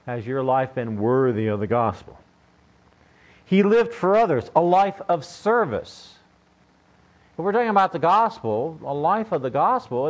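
An older man preaching a sermon in a conversational, joking way, often asking his listeners questions. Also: on the high side. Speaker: pastor. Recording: dull lo-fi recording.

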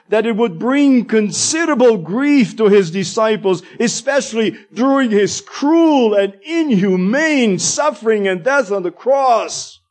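A man preaching a sermon, slow and emphatic, drawing out stressed words. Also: very high-pitched.

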